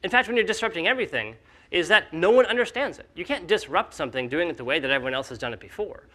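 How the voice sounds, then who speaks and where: A man speaking casually at a conference, animated and full of fillers, acting out the skeptics he quotes. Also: a little high, very fast. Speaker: company founder speaking at a conference.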